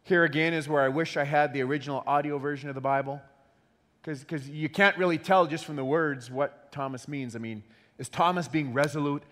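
A man preaching a sermon in an animated way, repeating words as he acts out quotes. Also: on the high side, brisk. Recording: long hall reverb.

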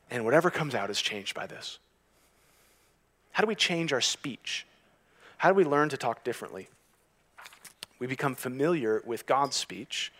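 A man preaching a sermon as pastor, moving from hushed, slow passages to emphatic, rising ones, and reading scripture aloud. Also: medium pitch.

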